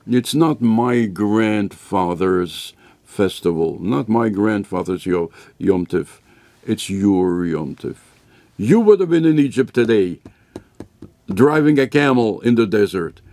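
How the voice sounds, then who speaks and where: A man voicing a gentle, patient father who reassures his child slowly and softly. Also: fairly low pitch, lively intonation, no echo, voice pushed down. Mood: tender.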